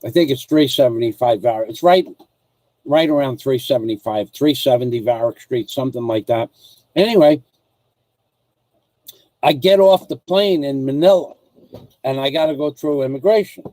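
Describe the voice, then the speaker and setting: A man's voice: mid-range voice, normal speed, pauses often, mellow, no echo, rough recording. Rambling man chatting with viewers. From United States. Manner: rambling storyteller, restarts and asides. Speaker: vlogger. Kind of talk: casual livestream chat with viewers.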